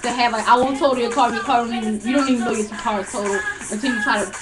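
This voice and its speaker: A young woman telling a long story in casual chat, animated and profane, laughing often. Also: fairly high pitch, rapid-fire, loud music behind the voice.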